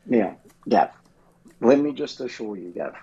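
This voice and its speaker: A man's voice: mid-range voice, lively intonation, a little slow, dark tone, slightly rough, muffled recording. An Australian man co-hosting a podcast in casual banter, rambling and swearing freely. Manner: rambling, swears freely, often says the co-host's name. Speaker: podcast co-host.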